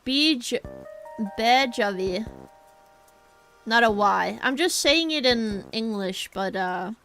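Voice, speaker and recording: A woman's voice: on the high side, expressive, slow, a bit bright, faint music behind. A young woman chatting casually with her live-stream viewers while she draws, apologetic and easygoing. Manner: chatty, apologetic, talks to chat while sketching. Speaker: art streamer.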